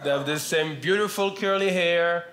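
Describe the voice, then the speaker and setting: A man from France with a French accent doing stand-up comedy, delivering punchlines in a slow, deadpan way. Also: a little high, slight background noise. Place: comedy club stage with laughing audience. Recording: roomy stage sound with loud audience laughter.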